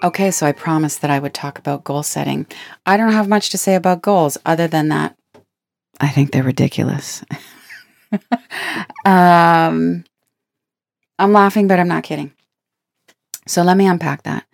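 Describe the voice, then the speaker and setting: A woman's voice: sits low, moderate pace, vocal fry, pauses often, no echo. A woman giving a reflective spiritual self-help talk, earnest and playful, laughing now and then between her points.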